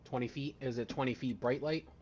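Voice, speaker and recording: A man's voice: mid-range voice, fairly even intonation, brisk, a little mellow. A man sits behind the screen as game master of a tabletop horror game, talking casually and joking with his players. His voice sits in an ordinary middle range. The sound is a little dull and lo-fi, with a faint hiss underneath. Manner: casual, joking, searches for words. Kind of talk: running a tabletop game over voice chat.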